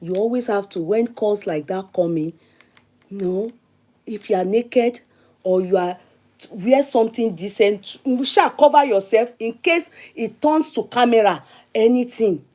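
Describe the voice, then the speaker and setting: Chatty Nigerian woman, fairly high voice. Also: measured pace. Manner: chatty, animated, repeats herself for emphasis. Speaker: show host. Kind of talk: casual storytelling monologue.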